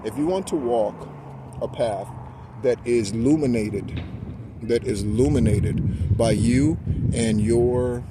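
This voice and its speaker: A man's voice: mid-range voice, takes it slowly. A man giving a rambling, preachy spiritual pep talk outdoors, correcting himself as he goes. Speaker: spiritual guidance host. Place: outdoors near traffic. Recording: loud outdoor traffic noise. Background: street and car noise.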